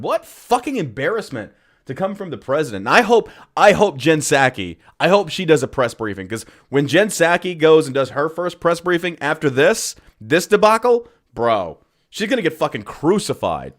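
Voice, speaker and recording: A man hosting a podcast and commenting on a live event as he watches, swearing often and reacting with disbelief and mockery. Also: fairly high pitch. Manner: profane, incredulous, mocking.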